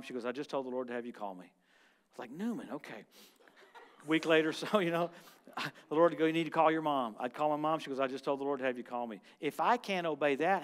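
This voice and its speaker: A man preaching as a guest minister, telling stories and quoting scripture, swinging from loud shouts to quiet asides. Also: mid-range voice, clear, resonant tone. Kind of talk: lively sermon with stories.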